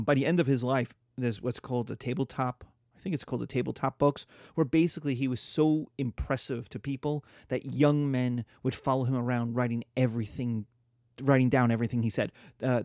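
A man giving a casual history lecture, animated and jokey, acting out quotes as he goes. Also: mid-range voice, normal speed, no echo, clean studio sound. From United States.

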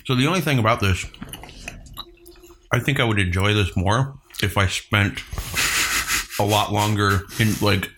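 A man co-hosting a podcast, chatting casually while tasting snacks, pausing and restarting as he talks around a mouthful. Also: on the low side, noisy background. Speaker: podcast co-host. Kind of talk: casual food-tasting chat.

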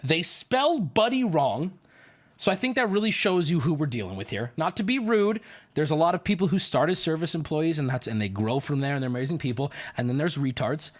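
A man's voice: fairly high pitch, lively intonation, fairly quick. A man streaming, telling a story to his chat in an indignant, profane rant. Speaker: livestreamer.

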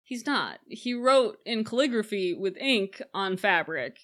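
A young woman co-hosting a casual chat about a film, opinionated and quick to act out the characters' lines. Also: mid-range voice, very animated, fairly bright tone. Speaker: podcast co-host.

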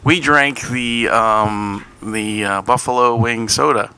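A man co-hosting a casual podcast, rambling and relaxed, swearing casually. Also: medium pitch, slow pace, smooth. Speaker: podcast co-host. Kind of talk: casual chat.

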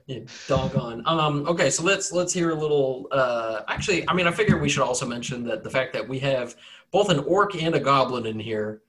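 A man's voice: medium pitch, lively intonation, fairly bright tone, slight background noise. A young man running a tabletop game, joking and teasing his players. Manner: joking, teasing, quick to laugh. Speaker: game master. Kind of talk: casual tabletop game banter.

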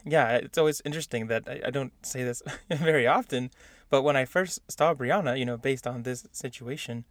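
A man in relaxed conversation as a podcast co-host, chatty and rambling, stumbling over his own words and laughing along. His voice sits at an average pitch and comes through a dry, close recording. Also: fairly quick, no room sound. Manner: chatty, laughs often, many restarts. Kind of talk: casual chat.

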